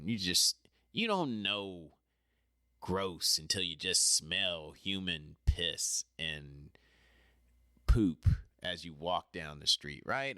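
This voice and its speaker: A man's voice: deep voice, sharp tone, no echo, studio quality. A man telling a personal story in a casual, rambling way, talking straight to the listener and apologizing when he drifts off topic. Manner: chatty, talks straight to the listener.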